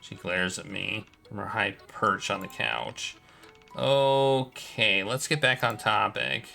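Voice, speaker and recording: A man's voice: lowish voice, steady tone, gravelly, pushed and bright, soft background music. A man streaming a game, casually reading its story text aloud with occasional stumbles. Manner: quick, casual narration with stumbles.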